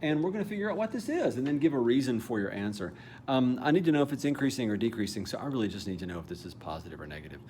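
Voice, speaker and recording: A man's voice: mid-range voice, expressive, very fast, darkish tone, a little hiss or hum. A man teaching a calculus problem step by step in a casual, thinking-aloud way, now and then correcting himself. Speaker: math teacher. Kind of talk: calculus lesson walkthrough.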